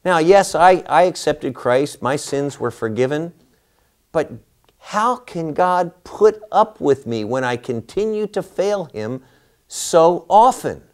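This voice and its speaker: Lively, slow-paced male Bible teacher. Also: a little high. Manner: animated, rhetorical questions to listeners.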